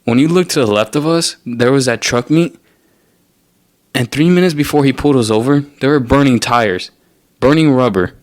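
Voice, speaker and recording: A man's voice: medium pitch, moderate pace, no room sound, clean studio sound. A young man hosting a podcast, telling a story in a casual, profane and exasperated rant. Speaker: podcast host. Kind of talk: casual ranting monologue.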